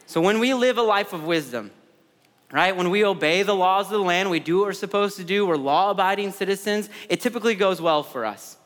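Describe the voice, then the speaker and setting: A man's voice: sits high, fairly quick, a bit bright. Man preaching in a reverberant hall. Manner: conversational preaching with repeated words and asides. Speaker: pastor. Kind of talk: sermon.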